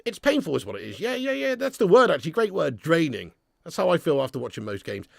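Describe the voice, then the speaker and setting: A sweary man hosts a live football watch-along with a high-pitched, gravelly voice. He bursts into loud rants, then drops to low, glum muttering. The sound is close and dry. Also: sing-song, quick pace, no room sound. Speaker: YouTube fan channel host. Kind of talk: live football watch-along chat, reading super chats.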